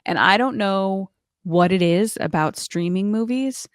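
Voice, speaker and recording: In casual podcast chat, this woman co-host has a smooth, expressive mid-range voice and talks a little slowly. She uses "like" often and mimics people playfully when quoting them. It's a dry, studio-quality recording.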